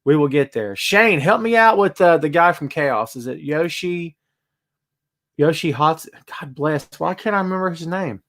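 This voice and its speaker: In a home room with a bass amp, this podcast host streams a relaxed wrestling show live and greets people by name. His voice runs on the high side, expressive and slightly bright, at a moderate pace.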